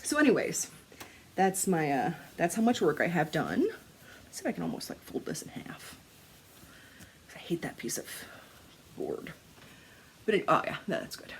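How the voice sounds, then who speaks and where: Speaking in a creaky, lowish voice at normal speed, this crafting vlogger talks casually to camera, leaving long pauses amid slight background noise. Her storytelling is animated, full of laughter, swearing and quotes she acts out.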